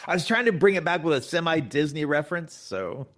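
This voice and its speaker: A man hosting a casual roundtable chat as dungeon master, animated and chatty with filler words, on a remote call microphone. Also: on the high side, a little fast.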